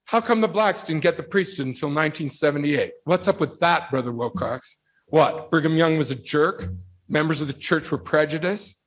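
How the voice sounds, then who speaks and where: A man with a slightly higher voice delivers a devotional talk to a young audience. He tells lively stories and keeps asking rhetorical questions. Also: normal speed. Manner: animated storytelling, rhetorical questions. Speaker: religious speaker addressing youth.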